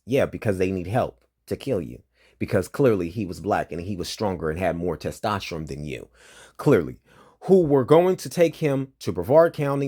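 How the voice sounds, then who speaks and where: A man reading a news story aloud and breaking into angry, profane commentary, agitated and heated. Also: on the low side. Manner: heated, profane, switches between flat reading and loud outbursts.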